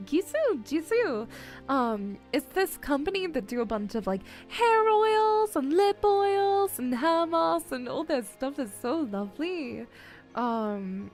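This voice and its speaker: A woman's voice: sits high, very animated, slow pace, faint music behind. A young adult woman streamer chatting casually with her viewers, giggling often and whining in a playfully dramatic way. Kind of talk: casual livestream chat.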